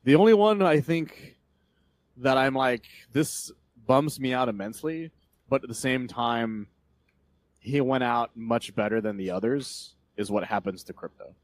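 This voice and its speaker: Male podcast co-host, animated comic-book rant, very dry close mic. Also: medium pitch, unhurried, dry recording. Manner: rambling, animated, swears freely, retells scenes. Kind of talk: casual chat about comics.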